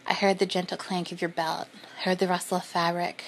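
A woman reading a first-person story in a soft, breathy, unhurried whisper. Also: fairly low pitch, level tone, slight background noise. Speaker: narrator.

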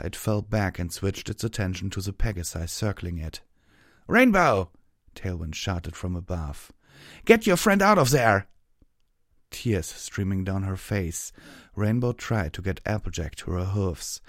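A man reading an action story aloud as narrator, in steady, even scripted narration on a close mic. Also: deep voice, no echo.

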